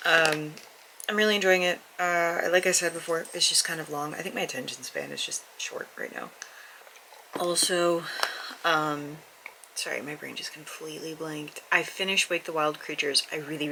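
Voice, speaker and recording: Woman, book vlogger, very low voice, casual rambling chat, camera mic, faint hiss. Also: creaky, pushed and bright, poor audio. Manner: candid, rambling, chatty.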